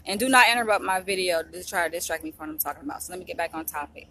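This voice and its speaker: A woman's voice: on the low side, fast, hardly any pauses, pushed and bright, dry recording. A young woman chatting to camera in a vlog, emotional and talkative, often turning to speak straight to her viewers. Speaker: vlogger, psychology trainee. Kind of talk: casual chat to camera.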